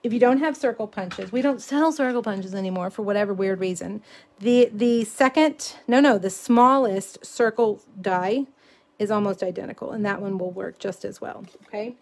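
A woman's voice: medium pitch, normal speed, a little mellow. A middle-aged woman, chatting casually through a live craft demonstration and talking to viewers as she works. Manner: chatty, self-deprecating, talks to viewers in comments.

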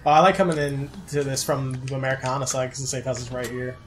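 A man's voice: medium pitch, fairly even intonation, fast talker, a crowd in the background. Young man, laid-back gameplay talk, laughs a lot, casual swearing. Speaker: let's play co-host.

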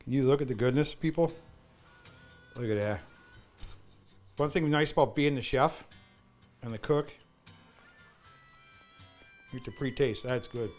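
A man's voice: mid-range voice, a little slow, pauses often, soft background music. A man talking casually to the camera while cooking in his home kitchen, chatty and often addressing the folks watching. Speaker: home cook in sponsor segment.

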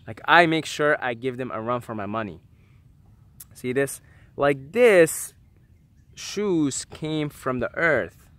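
A young man talking casually to camera about feeling connected to the earth, animated and swearing often, thinking aloud with many restarts and fillers. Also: mid-range voice, takes it slowly, long pauses, dry recording. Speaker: vlogger. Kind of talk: casual spiritual monologue.

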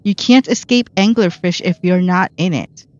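A woman with a fairly low voice plays a video game, offering casual, self-deprecating commentary and reacting out loud to the action on screen. She speaks at a moderate pace, and the recording has its high frequencies cut off.

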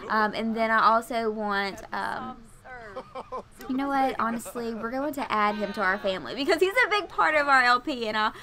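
A woman's voice: on the high side, animated, moderate pace, pushed and bright. A young woman doing casual gameplay commentary, chatty and gushing with lots of fillers. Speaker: let's play host.

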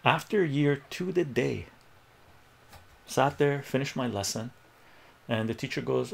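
In a loose, rambling livestream chat, a middle-aged man who streams math tutoring tells an animated story, laughing often and voicing the people he quotes. He speaks unhurriedly in a gravelly, medium-pitched voice with long pauses.

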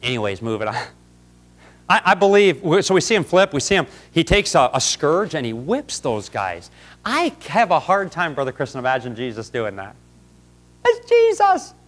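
Preacher guy, kinda high voice, fiery and folksy, church sermon. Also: sing-song, moderate pace, a bit bright. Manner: folksy, fiery, addresses congregants by name. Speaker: pastor. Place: church sanctuary.

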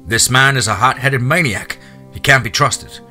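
A man voicing a hostile, hot-headed male police officer who shouts accusations. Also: low voice, animated, normal speed, faint music behind, exaggerated voice. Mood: furious.

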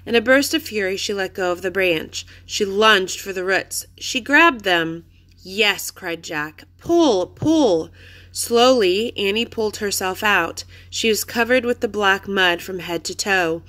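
A woman reading a children's chapter book aloud with clear, expressive storytelling. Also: medium pitch, moderate pace, hardly any pauses. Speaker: reader.

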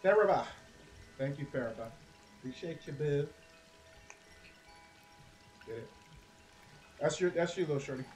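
A man doing casual, excitable gameplay commentary as a streamer, chatty and cursing at enemies. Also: a little high, measured pace, long pauses, soft background music. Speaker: gaming streamer.

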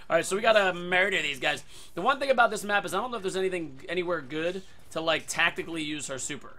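A man hosting his own gaming channel, giving live commentary over a match and breaking into loud excited outbursts. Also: high-pitched, fast talker. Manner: excitable, loud outbursts and yelling at other players. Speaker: gaming video host. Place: home room.

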